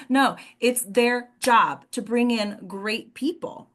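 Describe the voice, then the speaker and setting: A woman's voice: on the high side, takes it slowly, few pauses. Encouraging woman leading an acting workshop. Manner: encouraging, keeps checking in with "right?". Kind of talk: casual group discussion.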